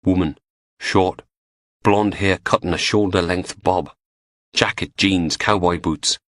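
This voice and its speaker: A man reading a crime novel aloud as an audiobook narrator, in steady, measured scripted narration. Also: sits low, dry recording.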